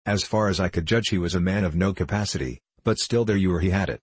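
A man's voice: sits low, fast, slightly rough, dry recording. A man reading the part of a boisterous, suspicious middle-aged doctor who is ruined, talking in a blustering, confiding way.

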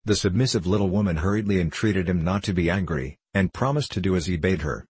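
Deep, husky male narrator. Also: fast, a little mellow, no echo. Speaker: audiobook narrator. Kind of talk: scripted narration of a classic novel.

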